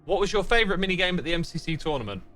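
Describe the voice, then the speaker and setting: A man hosts a relaxed gaming livestream, chatting with viewers and reading their messages aloud. His voice is bright and sharp, and his pitch swings a lot, especially when he jokes. Faint music plays behind him. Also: very fast. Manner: reads chat messages aloud and answers them while playing; playful, teasing fake sign-offs. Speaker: livestream host. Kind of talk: casual gaming livestream chat.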